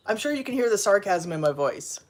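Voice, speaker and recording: With slight background noise, a mid-range female voice chats casually at home for a vlog. She addresses the camera and her viewers, talks with her cats, and fills her speech with fillers.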